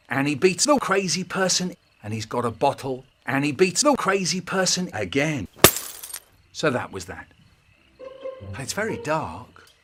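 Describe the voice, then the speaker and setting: A man narrating a comic homemade story in a rambling, deadpan way. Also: a little high, background noise.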